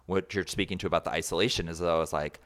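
Deep-voiced man rambling through a story. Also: rapid-fire. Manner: rambling, animated, filler-heavy with many likes and you-knows. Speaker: podcast guest. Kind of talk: casual conversational storytelling.

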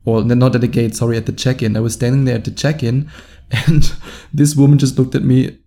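A man's voice: medium pitch, flat delivery, fairly quick, dark tone. A man with a German accent, a dating coach talking in a casual, rambling monologue and laughing between phrases.

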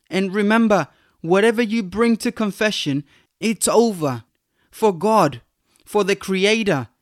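A man hosting a faith podcast, speaking in an earnest, exhorting way and slowing down on his key points. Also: a little high, dry recording, clean studio sound. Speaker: podcast host.

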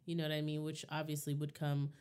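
A woman with a low, smooth, clear voice talks through personal matters in a relaxed co-host chat. She is candid and reflective, often checking whether she's understood. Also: fast talker. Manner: candid, reflective, often asks "you know what I mean". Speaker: podcast co-host. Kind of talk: casual chat.

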